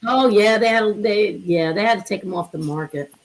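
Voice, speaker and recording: A woman's voice: medium pitch, normal speed, low-quality recording. A woman hosting a casual chat, eagerly reminiscing and explaining with fillers. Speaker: host.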